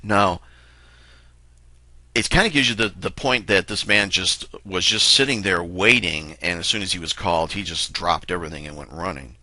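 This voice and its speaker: A man reading a Bible passage aloud and then giving an earnest, reflective devotional talk with slow pauses. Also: deep voice, bright, forceful tone, no room sound. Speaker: lay preacher.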